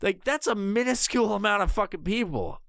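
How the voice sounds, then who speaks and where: Guy ranting on his podcast, swears constantly, kinda high voice, dry headset sound. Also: expressive, a little fast, gravelly, a bit bright, no echo. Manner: profane, rambling, lots of restarts. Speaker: podcast host. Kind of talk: casual rambling podcast rant.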